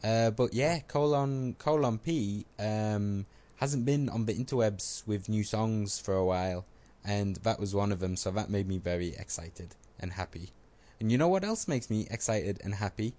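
A podcast co-host with a lowish, mellow voice speaks at a normal speed in casual conversation. He jokes around, makes fun of himself, and puts on funny voices.

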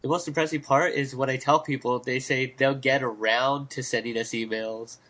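A man's voice: mid-range voice, steady tone, moderate pace, a bit bright. A man co-hosting a podcast in casual chat, with dry teasing banter. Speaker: podcast co-host.

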